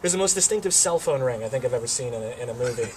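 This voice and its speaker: A man's voice: medium pitch, animated, very fast, a crowd in the background. A man hosting an interview, asking eager, enthusiastic questions. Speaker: interview host. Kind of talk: casual interview.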